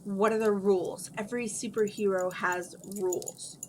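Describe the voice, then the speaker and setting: A woman's voice: medium pitch, steady tone, moderate pace, a little hiss or hum, lightly acted. A woman voicing a spoiled, bossy rich teenage girl who snaps her demands, while reading a story aloud. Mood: snappish. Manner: snappish, haughty, demanding.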